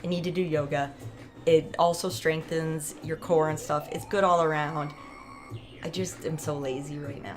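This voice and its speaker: A woman's voice: low voice, steady tone, normal speed, music in the background. A woman vlogger talking casually to camera, chatty and rambling, laughing often.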